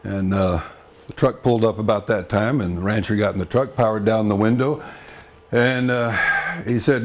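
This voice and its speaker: A man's voice: lowish voice, steady tone, moderate pace. Chatty man telling folk jokes. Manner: chatty, with frequent fillers and asides to the audience. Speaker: storyteller. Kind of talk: live folk-tale storytelling.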